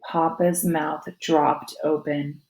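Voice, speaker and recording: A woman teacher reading a novel aloud to her students with gentle storytelling. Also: low-pitched, flat delivery, slow pace, vocal fry, reverberant, rough recording.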